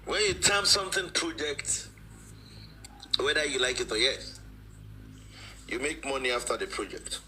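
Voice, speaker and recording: A man's voice: medium pitch, expressive, a little slow, long pauses, bright, forceful tone, slight background noise, low-quality recording. A man, speaking as a guest in a live-stream discussion, emphatic and repeating phrases for stress.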